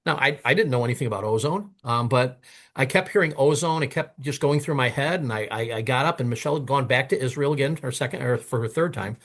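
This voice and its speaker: A man telling stories in a casual interview, animated and often stumbling over and repeating his words. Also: medium pitch, fast. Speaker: guest, product maker.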